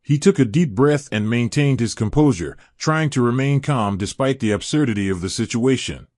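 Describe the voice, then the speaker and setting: A man reading a scripted story in an even, measured way. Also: mid-range voice, no room sound, studio quality. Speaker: narrator.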